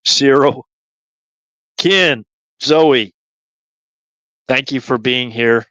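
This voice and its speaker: A man's voice: mid-range voice, very slow, fairly bright tone, dry recording, lo-fi sound. A man hosting a livestream, rambling and repeating himself as he lays out his theories. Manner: rambling, repetitive, conspiratorial. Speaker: livestream host.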